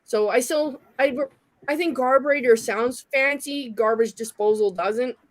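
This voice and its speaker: A woman's voice: fairly high pitch, measured pace, no echo. A woman from British Columbia with a Canadian accent, chatting casually and rambling on. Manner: rambling, chatty, self-deprecating. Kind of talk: casual chat.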